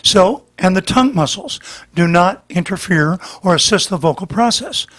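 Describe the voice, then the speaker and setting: High-pitched male vocal coach, slightly worn voice, patient explainer. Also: animated, normal speed, a bit bright, slightly rough. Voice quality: slightly damaged voice. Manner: patient, explanatory, demonstrates as he talks. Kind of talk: demonstrating voice lesson.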